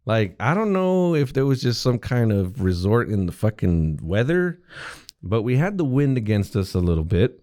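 A man's voice: lowish voice, big pitch swings, moderate pace, a little mellow. A man co-hosting a podcast in casual chat, laid-back, prompting his partner and telling his own stories. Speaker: podcast co-host.

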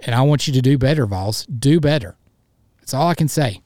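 A man hosts his own sports podcast and vents, fired up and frustrated, often tripping over his words and starting again. His voice sits in an ordinary middle pitch. The sound is dry and close, with no room around it. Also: animated, brisk, a little mellow, no echo. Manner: fired up and frustrated, stammering restarts. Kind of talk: solo sports podcast rant.

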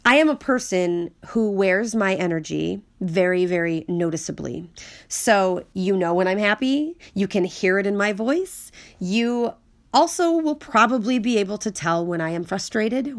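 A woman's voice: medium pitch, expressive, moderate pace. A woman talking earnestly about setting boundaries, emphatic and repeating key phrases for weight. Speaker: speaker on personal growth. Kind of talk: reflective monologue.

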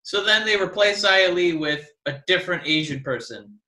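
A man with a bright, forceful, fairly high voice rambles through a casual chat, jumping into animated bits. The room around him rings with echo. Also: normal speed. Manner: rambling, animated, mock-crying impressions. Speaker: podcast co-host.

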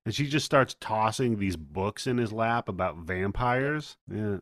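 A man co-hosting a podcast, recapping a movie plot in a relaxed way and acting out the characters' lines. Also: lowish voice, measured pace, dry recording, studio quality. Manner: relaxed storytelling, acts out quotes. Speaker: podcast co-host.

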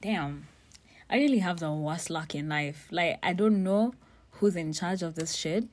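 A young woman with a slightly low voice spills a personal story straight to camera. She talks bluntly and swears freely, keeping the telling animated and casual. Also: a little slow. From Kenya. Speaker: vlogger.

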